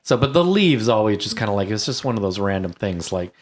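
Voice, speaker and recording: A man's voice: on the low side, sing-song, a little fast. A man hosting a podcast in casual chat, joking and trailing off mid-sentence. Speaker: podcast host.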